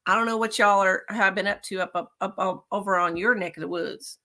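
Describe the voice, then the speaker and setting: A woman's voice: mid-range voice, fairly even intonation, brisk, pushed and bright, natural voice. A woman putting on a folksy country cowgirl voice with an exaggerated Southern twang. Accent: Southern US, put on.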